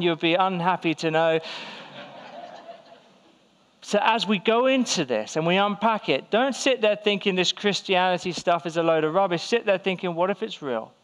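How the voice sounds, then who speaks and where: High-voiced man preaching a sermon. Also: fairly bright tone, smooth. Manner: conversational, rhetorical questions, acts out quoted voices. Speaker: pastor. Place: church hall.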